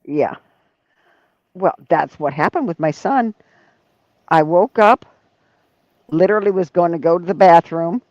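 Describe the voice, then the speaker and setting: A woman's voice: lowish voice, a little slow, pauses often, dry recording. Chatty woman telling stories, dull recording. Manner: animated storyteller, laughs often. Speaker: leatherwork channel host. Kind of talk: casual chat.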